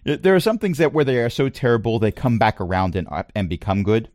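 A man's voice: medium pitch, brisk, a little mellow. A man hosting a casual podcast chat, who also teaches middle school. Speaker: podcast host.

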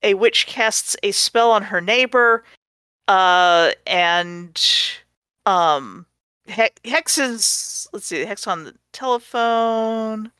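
A woman's voice: mid-range voice, extremely slow, fairly bright tone, smooth, no echo, clean studio sound. A woman playing a tabletop role-playing game, speaking playfully in character as a capybara. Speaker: player.

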